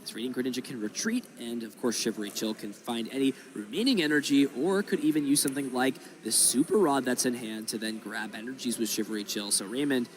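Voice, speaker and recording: A man's voice: mid-range voice, fairly quick, hardly any pauses. Man calling a card game match. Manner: analytical, explains plays at length. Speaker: commentator. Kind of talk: live card game commentary.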